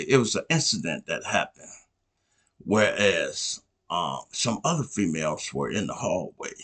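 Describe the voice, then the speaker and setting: A man's voice: mid-range voice, pushed and bright. A man hosting a podcast, telling a story in a rambling, conversational way and often checking in with "you know what I'm saying". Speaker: podcast host. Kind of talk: casual storytelling.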